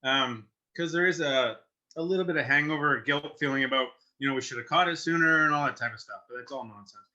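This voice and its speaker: A middle-aged man, telling a personal story as a guest in earnest, halting conversation with restarts. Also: mid-range voice, bright, forceful tone. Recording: muffled lo-fi sound.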